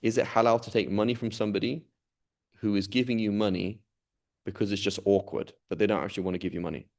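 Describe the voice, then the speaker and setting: A man's voice: on the low side, fairly even intonation, fast, darkish tone. A man teaching an informal class, talking conversationally and often checking in with the students. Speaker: Islamic studies teacher.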